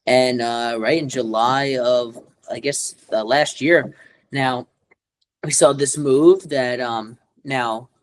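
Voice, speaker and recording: A man's voice: medium pitch, slow pace, no echo. A man co-hosting a podcast in casual chat, rambling with lots of fillers and restarts. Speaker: podcast co-host.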